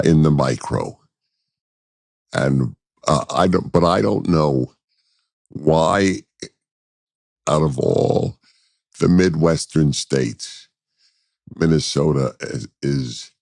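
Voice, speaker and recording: Very deep, slow, gravelly man. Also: darkish tone, dry recording, clean studio sound. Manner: deliberate, with frequent hesitations and restarts. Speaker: guest commentator. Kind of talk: conversational interview answers.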